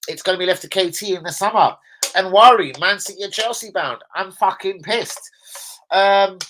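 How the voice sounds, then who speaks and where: A man's voice: on the high side, a bit bright, rough recording. A man with a London accent chatting on a live stream about football, slangy and sweary, rambling through anecdotes from indoors at home. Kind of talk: casual live-stream chat.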